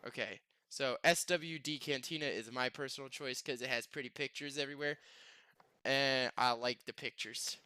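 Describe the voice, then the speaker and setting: Bright, crisp-voiced podcast host. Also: male voice, medium pitch, moderate pace, no echo. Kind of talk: casual podcast chat.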